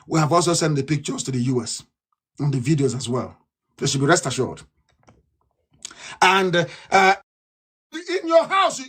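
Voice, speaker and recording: Nigerian man, political broadcaster, impassioned and combative, sharp bright tone, repeats his points. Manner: fiery, ranting, repeats himself, swings from loud outbursts to low mutters. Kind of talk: impassioned live broadcast speech.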